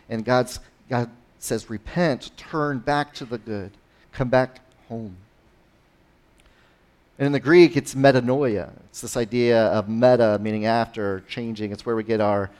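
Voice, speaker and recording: A man preaching a sermon in a conversational style, rising and dropping in loudness and pitch, with frequent "right?" asides. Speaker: pastor.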